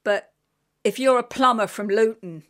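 A middle-aged woman with a London accent, a radio guest telling an animated, emotional story with many fillers. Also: fairly high pitch, moderate pace. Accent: London English. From England. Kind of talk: casual radio interview chat.

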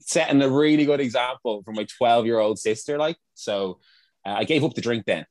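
A man's voice: medium pitch, fairly quick, dry recording. A young man chatting as a podcast guest, rambling through funny stories, restarting sentences and laughing often. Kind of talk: casual storytelling chat.

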